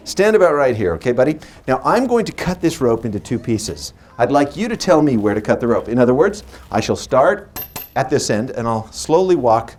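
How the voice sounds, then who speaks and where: A man's voice: medium pitch, darkish tone. A man in his forties performing as a magician. He uses a stage microphone and mixes playful stories with teasing banter with his audience. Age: 40s. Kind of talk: live stage patter with storytelling.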